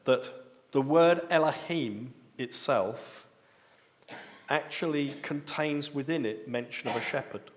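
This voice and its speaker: A man's voice: medium pitch, slow pace, a little hiss or hum. A man preaching a sermon, teaching step by step and lifting his voice on key words. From United Kingdom. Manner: explanatory teaching, rising emphasis on key words. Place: church hall. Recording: long reverb of a church hall.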